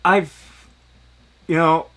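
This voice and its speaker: A man in his seventies talking in a rambling, animated way in a casual monologue, his voice jumping up when he gets excited. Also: on the high side, drawn-out words. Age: 70s. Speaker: vlogger.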